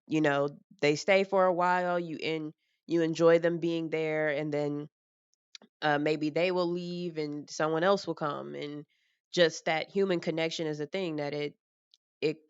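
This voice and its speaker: A young woman with a low, smooth voice talks frankly and casually, rambling through her thoughts and tossing in some swearing. The sound is dry and close, though a little dull. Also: no room sound. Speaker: vlogger. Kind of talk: casual personal talk.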